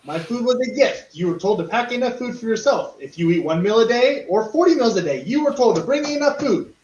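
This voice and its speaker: A cranky goblin captain, put on by a man barks out clipped, profane demands in a pitch higher than ordinary talk. He sounds indignant and short-tempered. The sound is roomy and a little dull. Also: sing-song, normal speed, distant mic, a little hiss or hum. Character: testy foul-mouthed male goblin ship captain.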